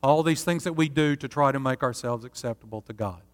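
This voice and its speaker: A man preaching a sermon as pastor, earnest and steady, often asking his listeners rhetorical questions. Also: mid-range voice, a little fast, big-room sound.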